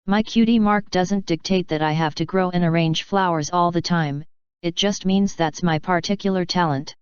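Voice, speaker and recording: A woman voicing a female pony who is a wife close to tears, defensive and hurt, in a very smooth, dry, lo-fi reading. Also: lowish voice, normal speed, dry recording, close to an everyday voice. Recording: dull lo-fi.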